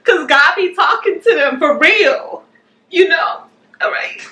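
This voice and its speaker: A woman's voice: very high voice, animated, takes it slowly, bright, forceful tone. A woman hosting a casual chat, talking in an emotional, chatty way. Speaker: host. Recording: echoey room, mic from a distance, faint background noise.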